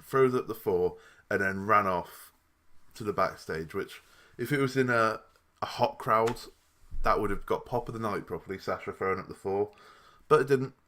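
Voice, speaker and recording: A man's voice: lowish voice, normal speed, long pauses, a bit bright. A young man giving a casual, rambling review of a wrestling show. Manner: chatty and rambling, with restarts and asides.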